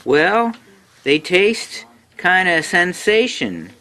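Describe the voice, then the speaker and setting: A woman's voice: extremely low pitch, very animated, extremely slow, full character voice. A woman voicing an irritated, possessive male pigeon in a picture book reading, huffy and self-satisfied. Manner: huffy, pleased with himself.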